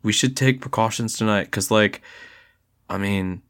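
A man's voice: on the low side, a little slow, fairly bright tone, clean tone. A man playing a cautious young male elf battle chef, rambling and full of fillers, in a tabletop role-play. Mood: wary. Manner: rambling, filler-heavy, hedging.

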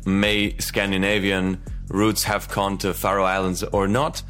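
A man's voice: deep voice, flat delivery, unhurried, fairly bright tone, faint music behind. A man co-hosting a podcast quiz segment in casual chat, laughing often and restarting his sentences.

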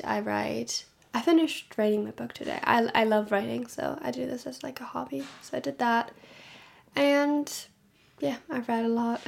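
A woman's voice: a little high, gravelly. A young woman hosting her own podcast, chatting casually and rambling a little, sounding tired, recorded at home. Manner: rambling, tired, with frequent ums and soft laughs. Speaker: podcast host. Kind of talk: casual solo podcast chat. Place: home room with noisy activity below.

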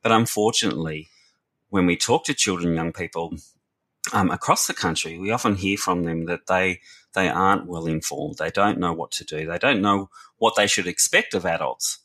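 Low-voiced with a sharp tone, this man speaks at a moderate pace on a podcast. Formerly a youth worker and now a researcher, he reflects earnestly and frequently restarts what he's saying.

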